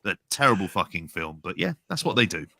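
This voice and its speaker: A man's voice: low voice, big pitch swings, a little fast, bright, forceful tone, dry recording, clean studio sound. A man co-hosting a podcast, giving blunt, wry opinions and swearing freely. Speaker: podcast co-host. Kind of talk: casual podcast chat.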